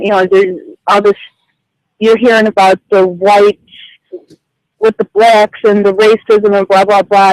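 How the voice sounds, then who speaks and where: A woman's voice: mid-range voice, no room sound, poor audio. A woman calling in by phone to a radio show, telling what happened to her in a flustered, rambling way with many fillers. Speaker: caller. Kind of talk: telling a personal story on air. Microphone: phone call.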